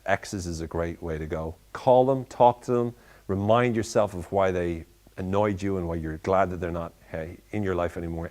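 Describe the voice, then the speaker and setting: Man giving playful mock self-help advice. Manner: animated, voices and pitch jumps in quoted asides. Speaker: self-development speaker. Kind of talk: tongue-in-cheek motivational talk.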